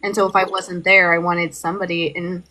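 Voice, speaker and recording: A woman's voice: on the low side, brisk, poor audio. A woman co-hosting a podcast, telling a story in casual chat with constant "like" fillers and growing heat. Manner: heavy "like" fillers, animated and heated storytelling. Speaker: podcast co-host.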